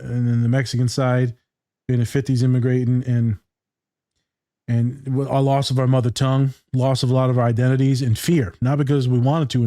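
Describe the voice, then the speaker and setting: A man's voice: mid-range voice, warm tone, no room sound, studio quality. A man co-hosting a podcast as a therapist, chatting casually with irreverent jokes and swearing.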